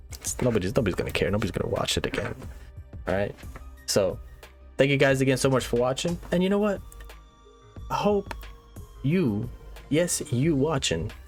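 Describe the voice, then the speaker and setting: A man hosting a satirical tutorial monologue, mock-serious and lively, checking in with "all right?" again and again. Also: mid-range voice. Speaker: comedic YouTuber host.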